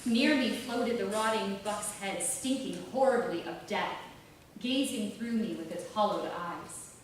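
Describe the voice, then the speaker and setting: A woman giving a measured, deliberate literary reading of a novel. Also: medium pitch. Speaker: author reading her novel. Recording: roomy, distant, faint hiss.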